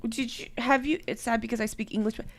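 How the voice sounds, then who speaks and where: A woman's voice: a little high, steady tone, fast talker, creaky. Chatty woman hosting a music review. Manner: chatty, many fillers and restarts. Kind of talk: casual livestream chat.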